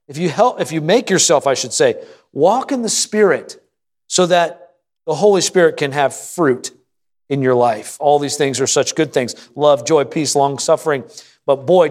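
Male pastor preaching a sermon, fairly high-pitched, calls out to the congregation for responses. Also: normal speed, a little mellow. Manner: reads scripture aloud and acts out an anxious prayer.

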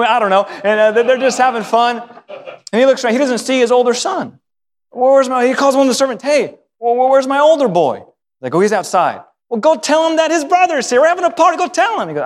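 A male pastor preaching a sermon, telling a story with lively acted voices and repeating words when excited. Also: very high-pitched. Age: adult, married. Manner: animated storytelling, acting out voices of the father and son. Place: church sanctuary. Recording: hall reverb.

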